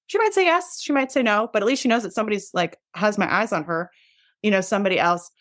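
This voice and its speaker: A woman's voice: medium pitch, fast talker, dry recording, studio quality. A middle-aged woman in a casual interview, talking candidly and animatedly and often acting out what people say. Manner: candid, animated, acts out quoted dialogue. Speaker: nurse practitioner guest.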